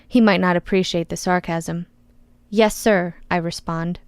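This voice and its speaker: A woman's voice: on the low side, little pitch movement, normal speed, clean tone, dry recording. A woman narrating an audiobook in the first person, with a wry, sarcastic edge.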